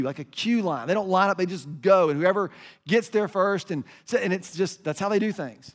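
An American man telling a travel story in a sermon, animated and emphatic, often restarting his sentences. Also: sits high, fairly quick. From United States. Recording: reverberant hall.

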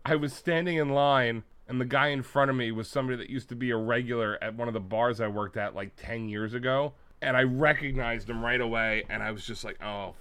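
A man's voice: medium pitch, fairly even intonation, brisk, hardly any pauses, bright, forceful tone, clear, resonant tone. A man co-hosting a podcast, chatting casually, rambling through stories and swearing freely. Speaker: podcast co-host. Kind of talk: casual chat.

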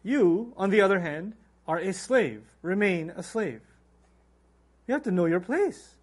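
A middle-aged man giving a religious lecture, animated and acting out quoted voices. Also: high voice, a little slow. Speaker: Islamic lecturer.

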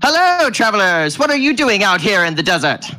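A man's voice: high-pitched, very animated, brisk, bright, forceful tone, pitched above the performer's own voice, full character voice. A man voicing a tiny, friendly bald man who talks in a folksy, rambling way. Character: tiny bald male desert traveler, chatty and friendly.

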